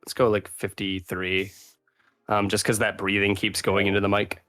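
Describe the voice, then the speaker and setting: A game master running an online tabletop game, casually explaining how the software works. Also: sits low, flat delivery, moderate pace, faint music behind.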